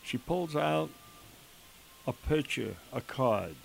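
Older male storyteller, slow earnest testimony, gravelly tone. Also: medium pitch, animated. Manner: slow, earnest, emotional retelling with quoted dialogue. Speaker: father telling his story. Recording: faint hiss behind the voice.

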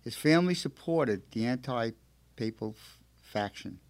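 Male radio host, affectionate and halting, mid-pitched voice, dry room, reads aloud. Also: expressive, no echo. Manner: halting, repeats words, affectionate. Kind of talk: radio talk show, reading a saint's life aloud.

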